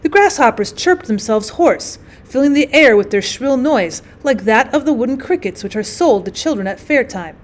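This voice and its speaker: A woman teacher giving a measured, clear scripted narration of a short story. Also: a little high, animated.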